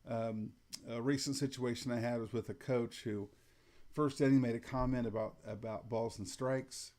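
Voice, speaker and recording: Middle-aged guy coaching umpires, calm and matter-of-fact, mellow low-key voice. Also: normal speed. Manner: calm, matter-of-fact, demonstrates lines in a flat even tone. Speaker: umpire instructor. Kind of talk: instructional talk to umpires.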